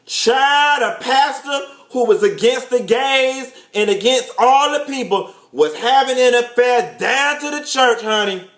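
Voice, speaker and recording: Sassy guy spilling tv gossip, high voice, roomy echo. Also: lively intonation, measured pace, few pauses, a bit bright. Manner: flamboyant, sassy, peppered with "honey" and "child". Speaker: show host and TV recapper. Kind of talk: animated gossip recap. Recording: echoey room.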